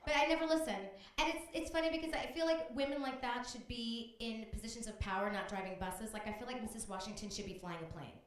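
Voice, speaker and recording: A woman's voice: a little high, quick pace, few pauses, heavy reverb, slight background noise. A woman comedian doing a brash, profane stand-up set on a comedy club stage.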